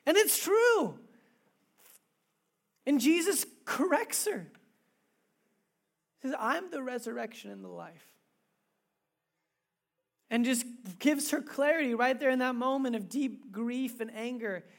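A woman preaching a sermon in a casual, animated storytelling way with asides. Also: high-pitched, unhurried, long pauses.

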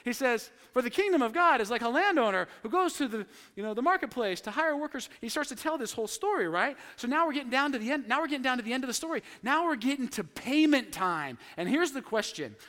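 High-voiced preacher in a reverberant hall. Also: male voice, fast, hardly any pauses. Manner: animated storytelling, acting out quotes. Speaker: pastor. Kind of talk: sermon.

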